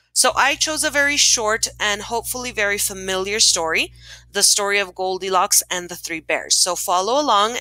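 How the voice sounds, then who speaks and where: A woman teacher recording a voice-over lesson who explains steps clearly and encouragingly. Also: mid-range voice, sharp tone, no echo, poor audio.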